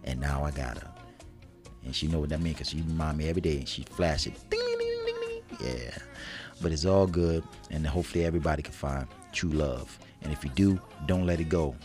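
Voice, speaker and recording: A man with a very deep voice chats loosely with his partner as co-host. He talks in easy street slang, often laughing, with soft music underneath. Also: fairly quick. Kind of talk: casual chat.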